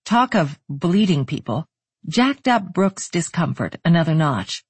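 An audiobook narrator reads with a steady, even storytelling pace. The voice is husky and breathy, with a mid-range pitch, recorded dry and close. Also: unhurried, dry recording.

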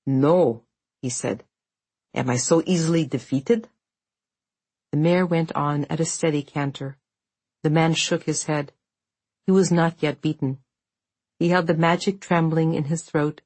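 A woman reading an audiobook in a measured, even storytelling voice, close to the microphone. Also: low-pitched, no room sound. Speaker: narrator. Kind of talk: scripted audiobook narration.

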